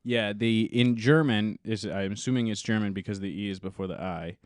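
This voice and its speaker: A man's voice: fairly low pitch, fairly quick, dry recording, clean studio sound. Laughing young man co-hosting a podcast. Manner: laughs often, joking. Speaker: podcast co-host. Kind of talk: casual chat.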